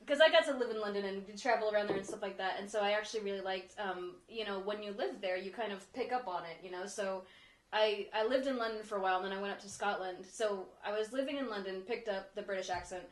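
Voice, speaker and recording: A woman's voice: mid-range voice, fast talker. A woman in a casual chat, talkative, often repeating her words. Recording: echoey room.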